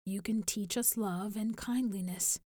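A woman voicing a gentle, earnest young male alien villager who speaks hopefully. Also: mid-range voice, steady tone, unhurried, no room sound, studio quality, lightly acted.

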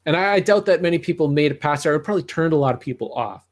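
A middle-aged man talks very fast and expressively in a voice on the high side. As a podcast co-host reviewing movies, he keeps the chat casual and rambling, full of restarts and asides.

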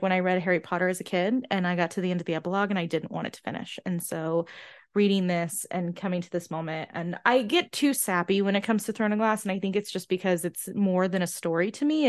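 Woman podcast host, middle pitch, earnest and sentimental, casual book chat with restarts. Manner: frequent restarts and fillers. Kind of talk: casual book discussion and recap.

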